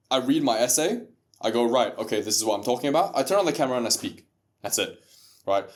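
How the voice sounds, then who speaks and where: A man talking as a podcast guest, explaining ideas in a casual, emphatic way. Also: medium pitch. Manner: explanatory, stresses words to make a point.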